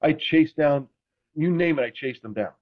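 A man telling stories in casual chat, animated and self-deprecating, acting out quotes. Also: on the high side, normal speed, phone-quality sound. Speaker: podcast host, former NFL quarterback.

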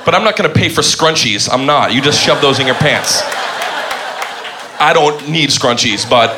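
A man doing a stand-up comedy set, telling a story in an excitable, playful way. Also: on the high side, moderate pace. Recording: live club, crowd and room noise. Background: audience laughing.

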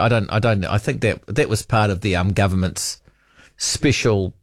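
Rambling New radio host, dry sound. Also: male voice, low-pitched, no room sound. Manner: rambling, hesitant, trails off with ums. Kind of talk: casual talkback chat, reading listener texts.

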